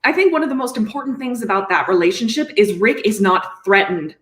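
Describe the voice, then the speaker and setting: A woman's voice: medium pitch, animated, a little fast. A woman in her thirties chatting enthusiastically and emphatically as a panelist on a video call. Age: 30s. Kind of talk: casual panel chat. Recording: roomy echo.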